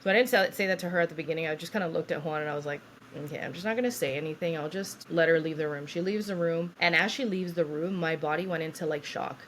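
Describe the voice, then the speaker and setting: A young woman co-hosting a podcast, telling her story in a casual, animated way, swearing freely and acting out what people said. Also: low-pitched, fast, a little hiss or hum. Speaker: podcast co-host.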